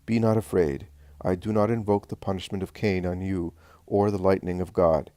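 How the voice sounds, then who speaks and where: Male reader playing a calm, loving teacher, low and measured, close and dry. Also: no room sound, natural voice. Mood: earnest.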